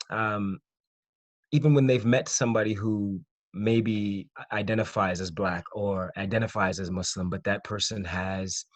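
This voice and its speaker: A young man moderating a panel discussion, speaking thoughtfully with halting restarts over a video call. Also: on the low side, dry recording.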